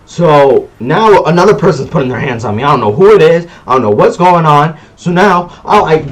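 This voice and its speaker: A man telling a personal story in a casual vlog, animated and slangy, acting out sounds as he goes. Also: a little high, brisk, few pauses. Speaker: vlogger.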